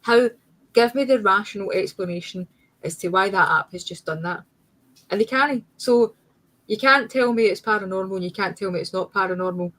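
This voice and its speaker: A woman's voice: medium pitch, brisk, a bit bright, low-quality recording. A woman speaks as a guest in a casual conversation. She argues her point insistently and emphatically, breaking off and restarting her sentences. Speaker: guest paranormal investigator. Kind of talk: casual chat.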